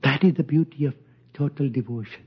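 An older man giving an informal spiritual talk, speaking slowly and gently and chuckling often. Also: medium pitch, husky, muffled recording. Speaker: spiritual teacher.

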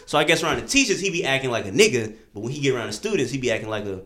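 Young male podcast co-host, animated storyteller, quick, bright delivery. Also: medium pitch. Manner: animated, acts out quotes in shifting voices. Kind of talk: casual storytelling chat.

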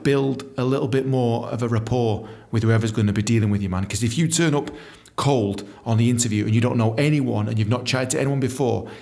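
Man, British accent, podcast host, casual storytelling, lively, swears a lot, mid-pitched voice. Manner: animated, profane, acts out dialogue.

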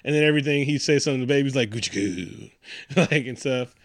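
A man recapping a movie in casual chat, animated and profane, acting out lines from the scenes. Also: mid-range voice, racing, no room sound, clean studio sound. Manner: animated, profane, acts out quotes in silly voices. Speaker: podcast co-host.

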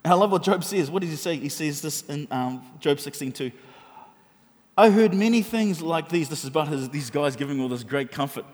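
A man's voice: on the high side, expressive, a little fast, a little mellow. A man preaching a sermon, talking animatedly and conversationally, often restarting his sentences. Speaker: pastor. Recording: hall with long reverb.

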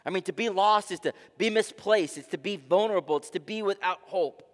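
A man pastor preaching a dramatic sermon, with rhetorical questions and swings between soft and loud delivery. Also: high-pitched, a little fast. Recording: long reverb of a large hall.

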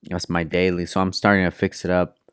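A man with a deep, smooth voice talks in a loose, casual way, stacking slang and curse words into his stories. He laughs easily and keeps the chat relaxed. The sound is dry and close to the mic. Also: fairly quick, no room sound. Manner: laid-back storyteller, heavy slang and swearing, laughs often.

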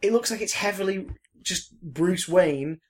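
A man's voice: high voice, measured pace. A young man co-hosting a casual podcast, rambling and joking about games and films. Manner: rambling, jokey, self-deprecating. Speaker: podcast co-host.

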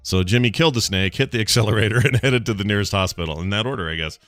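Man, podcast host, low voice, bright, casual joking chat, reading news aloud. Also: racing, dry recording, soft background music. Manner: joking, reads news stories aloud with asides.

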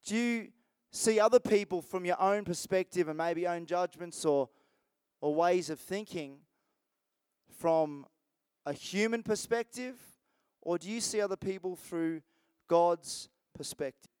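Male pastor, loose conversational sermon delivery; clean, crisp voice. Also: high voice, unhurried, darkish tone, dry recording. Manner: conversational, rambling with restarts and asides.

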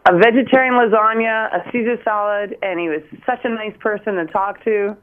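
A woman's voice: medium pitch, a little fast. Woman caller, emotional, rambling, tinny phone line. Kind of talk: phone-in chat.

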